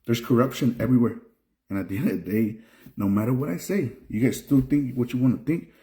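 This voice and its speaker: A man's voice: mid-range voice, quick pace, dark tone. A young man from Mexico, a trucker, ranting casually to camera in a frustrated way, repeating and restarting phrases. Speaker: trucker and video creator. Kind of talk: casual vlog rant.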